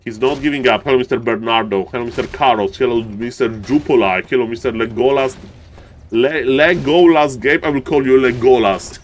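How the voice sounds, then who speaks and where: Casting a live strategy match as an esports caster, a man speaks English as a second language, yelling during big moments and joking with chat on the side. He has a mid-range voice and talks at normal speed.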